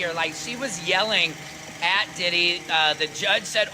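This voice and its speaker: A man's voice: sits high, normal speed. A man doing a hyped, joking on-the-spot street report just outside a court building, talking straight to his viewers. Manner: joking, showman-like, addresses "guys". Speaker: street reporter covering a trial. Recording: clear street noise with passing traffic.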